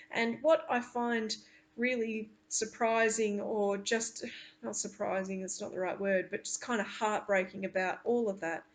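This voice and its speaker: A woman, a teacher, reading a novel aloud to her class and stopping to explain it in earnest, halting asides. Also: medium pitch.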